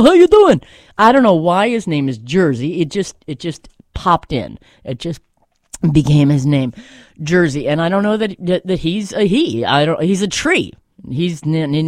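A woman's voice: low-pitched, darkish tone, no room sound. A woman hosting a radio show, musing aloud in a meandering monologue full of fillers and restarts, from a studio. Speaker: radio host. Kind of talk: rambling solo radio monologue.

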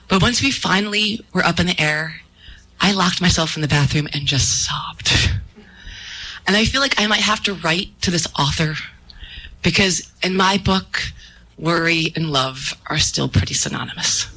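A woman telling a lively personal story to a live audience, acting out her own panicked voice. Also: fairly low pitch, poor audio.

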